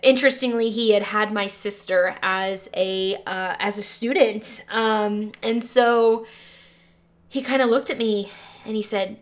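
A woman's voice: mid-range voice, steady tone, a little slow. A young woman, a teacher hosting a podcast, telling a personal story in an earnest, emotional way with frequent fillers.

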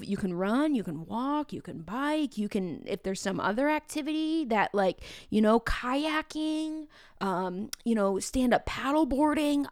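A young woman hosts her own unedited podcast, speaking candidly and encouragingly to her listeners with an emotional edge. Her voice sits a bit high, and the close microphone gives a dry sound with no room around it. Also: darkish tone, no echo. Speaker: podcast host. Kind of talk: unedited solo podcast talk.

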